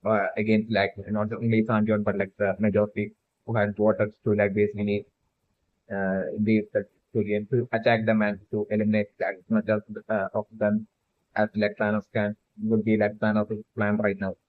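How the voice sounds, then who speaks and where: This fan theory creator speaks at a normal pace in a fairly low, monotone voice over a dry but tinny, phone-like recording. His solo theory commentary wanders, thick with "like" and "uh," and he keeps restarting sentences.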